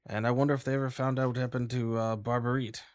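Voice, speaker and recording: Male game master, laid-back and wry, even mid-pitched delivery. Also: quick pace, no echo. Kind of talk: narrating a tabletop game.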